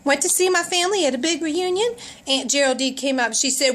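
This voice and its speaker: A woman's voice: sits high, brisk, a bit bright. A middle-aged woman, telling a comic personal story in a folksy, dramatic way.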